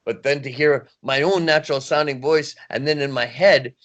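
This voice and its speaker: A middle-aged man, a voice actor, chatting in an interview with a rambling, animated manner. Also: fairly high pitch, normal speed. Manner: animated, rambling, laughs often. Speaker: voice actor, guest. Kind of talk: casual interview chat.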